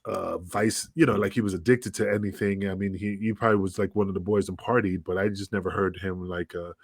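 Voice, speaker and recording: A man's voice: sits low, steady tone, a little fast, creaky, husky, no echo, studio quality. A man in his fifties co-hosting a podcast, chatting casually and rambling with many fillers. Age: 50s. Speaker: podcast co-host. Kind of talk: casual chat.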